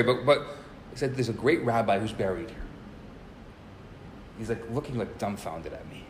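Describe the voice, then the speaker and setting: A man in his forties, a rabbi teaching a live class, telling a story in a lively way and often restarting and repeating words. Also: on the low side, normal speed. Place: classroom at a community center. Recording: roomy live recording with faint noise.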